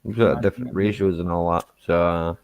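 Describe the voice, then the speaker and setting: Easygoing man with a lowish voice. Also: steady tone, fairly quick, a little mellow, a little hiss or hum. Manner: easygoing, tags sentences with "eh". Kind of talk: casual chat.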